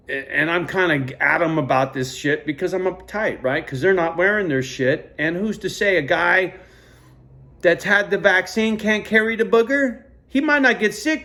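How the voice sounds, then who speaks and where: A man vlogging into a phone camera, telling a rambling story in a heavily profane, animated rant. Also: sits high.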